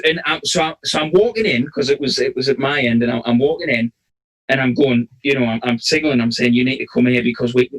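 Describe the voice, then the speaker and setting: A man's voice: mid-range voice, fairly bright tone, rough recording. A man, co-hosting a casual referee chat and telling a long rambling story with many restarts. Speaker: referee, podcast co-host.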